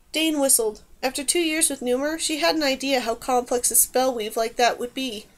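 High-voiced woman narrating an audiobook. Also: steady tone, moderate pace, few pauses.

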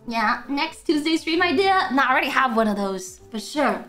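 A young woman streamer chatting excitedly while playing a game, giggling and swearing freely. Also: high voice, normal speed, hardly any pauses, faint music behind. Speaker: VTuber streamer. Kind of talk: casual gameplay commentary.

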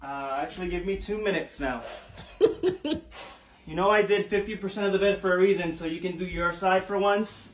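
A man's voice: high-pitched, moderate pace, close to an everyday voice. A man playing a sulky sarcastic wife. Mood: sulking. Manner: insists she is not mad, sulky and sarcastic. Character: nagging passive-aggressive young wife. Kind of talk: comedy sketch. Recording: echoey room, distant mic, background noise.

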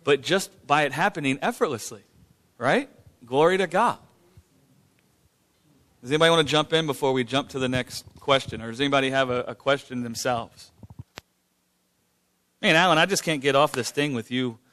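This man hosts an informal church Q&A with a fairly bright, mid-range voice at normal speed, leaving long pauses. He talks with fervor, returning again and again to "man" and "Glory to God."

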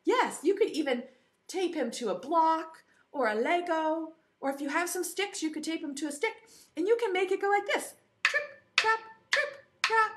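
A woman's voice: very high-pitched, animated, normal speed. A woman teaching an online preschool lesson in a sing-song, encouraging way, stretching out key words for young children.

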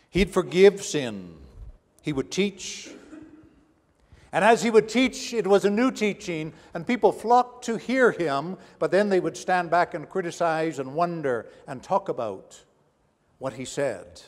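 A male pastor preaching a sermon with dramatic swings between hushed and raised delivery. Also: a little high. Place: church sanctuary. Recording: long church reverb.

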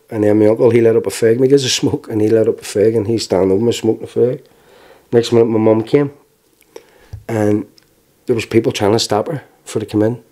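Plain-spoken Belfast man, low and mellow. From Northern Ireland. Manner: frank, plain-spoken storytelling with halting restarts. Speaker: interviewee. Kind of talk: personal testimony.

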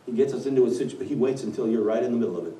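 Preacher in an echoing church. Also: male voice, medium pitch, very fast. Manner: storytelling, dramatic swings from hushed to loud. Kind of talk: sermon. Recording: echoey church from far off.

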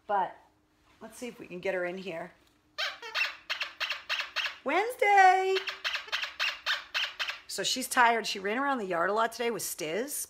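A woman's voice: mid-range voice, gravelly, very noisy. A woman hosting a casual livestream from home, talking loosely and rambling, with lots of fillers, about her puppy. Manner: chatty, rambling, baby talk to her dog. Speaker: live stream host.

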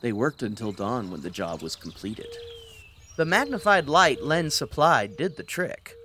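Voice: medium pitch, expressive, a little slow, pushed and bright, a little hiss or hum. A reader narrating a bedtime story aloud with chatty explanatory asides. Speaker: children's book reader.

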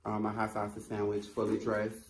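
A man co-hosting a casual eating vlog, relaxed and laid-back. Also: lowish voice, a little fast, roomy sound. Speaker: co-host. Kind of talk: casual mukbang chat.

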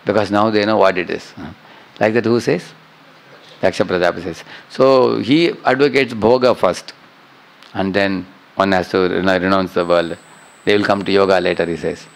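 A man's voice: sits low, moderate pace, vocal fry, pauses often, rough recording. A middle-aged man teaching a scripture class, often checking with listeners by asking "huh?" and "correct, no?". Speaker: spiritual teacher.

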